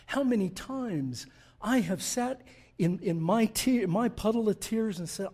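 A male pastor delivering a sermon, with a somewhat high voice for a man. He takes his time, drawing out each phrase and swelling to an impassioned peak on key words. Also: expressive, darkish tone, slightly rough. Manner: impassioned preaching with slow emphatic phrases and rising volume.

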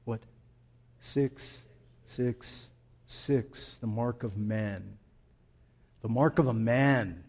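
A male pastor preaching a sermon, swinging from hushed, slow passages to loud, emphatic declarations in a church. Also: mid-range voice, husky.

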